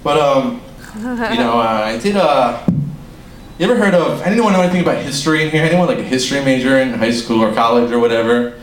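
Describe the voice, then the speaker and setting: A man's voice: medium pitch, expressive, fairly quick. A young man doing an amateur stand-up set, rambling, swearing and laughing at his own jokes, in a small room with an audience. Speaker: stand-up comic. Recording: echoey room, faint ambience.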